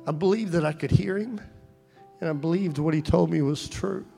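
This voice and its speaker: Gravelly-voiced man preaching a sermon. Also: a little high, moderate pace, dark tone, soft background music. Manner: storytelling, growing fervent and pleading. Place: church service.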